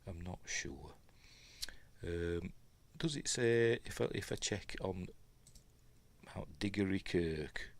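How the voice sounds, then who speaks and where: A man's voice: deep voice, animated, takes it slowly, long pauses. A middle-aged man with a Yorkshire accent, chatting casually and rambling through a film commentary at home, often correcting himself. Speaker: film reviewer.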